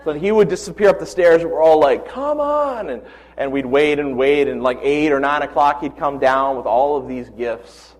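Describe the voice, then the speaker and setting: A man in his forties preaching a sermon, telling personal stories with animated quoted voices. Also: mid-range voice, moderate pace. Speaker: pastor.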